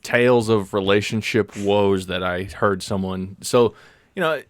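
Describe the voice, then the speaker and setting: A man's voice: fairly low pitch, a little slow. A man co-hosting a podcast, telling a rambling story in casual banter and laughing often. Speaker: podcast co-host.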